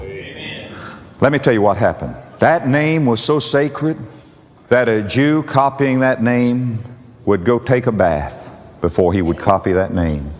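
A man preaching a sermon with a dramatic cadence, repeating phrases and swinging from booming to hushed. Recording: long hall reverb.

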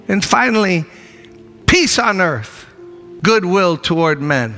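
A man's voice: high-pitched, expressive, slow, in a large hall, over music, a crowd in the background. A male minister preaching a sermon in church, emphatic and urging the congregation with repeated calls and refrains.

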